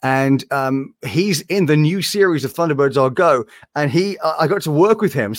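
Man, voice actor, casual interview, lively pitch, dry close sound. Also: moderate pace, hardly any pauses, no echo. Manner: animated, slips between impressions. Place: room with animation art on the walls.

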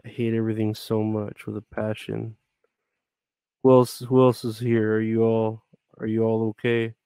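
A man's voice: lowish voice, monotone, moderate pace, mellow, smooth, dry recording. Grumbling, profane male streamer. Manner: grumbling, swears a lot, rambling. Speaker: live streamer. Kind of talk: casual live-stream chat with viewers.

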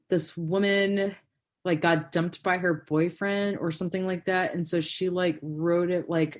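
A woman hosting a podcast in casual chat, telling stories animatedly with lots of fillers. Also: low voice. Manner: animated storyteller, many "like" and "um" fillers. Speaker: podcast host.

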